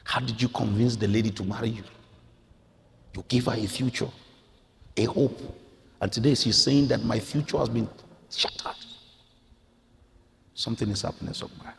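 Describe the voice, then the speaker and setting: A man from Nigeria preaching a sermon as pastor, moving from quiet prayer to impassioned, near-shouted exhortation. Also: mid-range voice, steady tone, moderate pace, gravelly, long pauses, long reverb tail. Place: church sanctuary.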